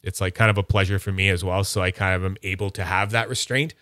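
A man hosting a casual livestream, rambling enthusiastically about his collection and slipping into high silly voices when he quotes people. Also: fairly even intonation, fast, bright, forceful tone, no room sound, clean studio sound. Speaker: livestream host.

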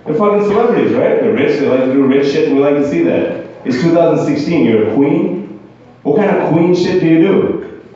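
Fast-talking comedian in an echoey club. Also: male voice, fairly high pitch, animated, mellow. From former British colony. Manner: wry, rambling, self-mocking. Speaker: stand-up comedian. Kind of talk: stand-up set. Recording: dull, far-off echoey club recording.

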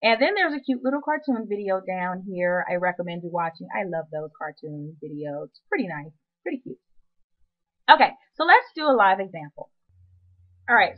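A woman's voice: mid-range voice, highs cut off. A woman presenting a screen-recorded web marketing tutorial, chatty and upbeat with playful asides.

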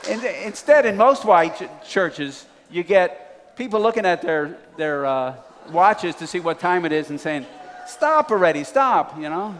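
A man's voice: sits high, a little slow, few pauses. A man preaching a sermon, telling a folksy story to a congregation. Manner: folksy, building to excited. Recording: reverberant hall.

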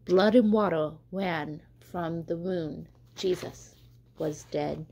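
A woman catechist reading a children's story aloud, slow and careful, with small stumbles. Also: fairly low pitch, creaky, darkish tone.

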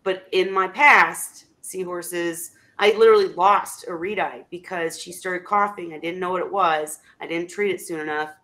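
Female host, lower-pitched voice, rambling and animated, video-call audio. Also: normal speed, hardly any pauses. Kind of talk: casual video chat.

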